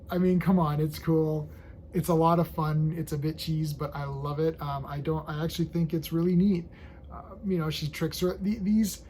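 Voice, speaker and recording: A man reviewing an old comic in casual, rambling chat, acting out characters' lines in quick quoted voices. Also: a little high, darkish tone, slight background noise, low-quality recording.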